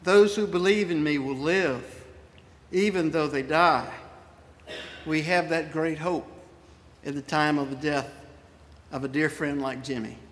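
A long, echoing reverb from a large church sanctuary surrounds this sermon. The middle-aged male pastor, whose voice sits high with a fairly bright tone, tells personal stories in a folksy manner and makes asides to his congregation.

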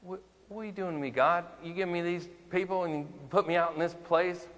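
A man voicing Moses as an exasperated adult man, complaining to God in a whiny, high-pitched voice. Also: a little fast, a bit bright, long reverb tail.

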